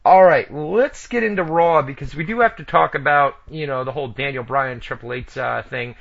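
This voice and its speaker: A man's voice: fairly high pitch, normal speed, gravelly, a bit bright. A man hosting a wrestling radio show in loose, joking chat, with lo-fi internet radio sound. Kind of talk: casual chat.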